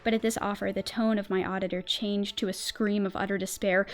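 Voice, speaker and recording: A woman streamer doing a theatrical reading of a horror story, her narration tense and swelling in volume at dark moments. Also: medium pitch, little pitch movement, fairly quick, few pauses.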